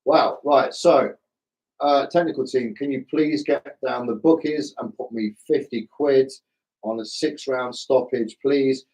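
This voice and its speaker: A middle-aged man with a slightly hoarse voice, hosting a live stream in a casual, self-deprecating way and chatting with viewers like old mates. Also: mid-range voice, unhurried, a little mellow, low-quality recording. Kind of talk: casual live chat reading viewer comments.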